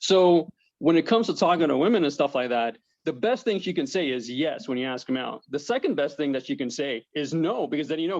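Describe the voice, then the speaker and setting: A man with a somewhat raised pitch gives calm, reflective advice in a casual panel chat. The recording sounds muffled and lo-fi. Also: a little fast, few pauses. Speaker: panel guest. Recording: dull lo-fi sound.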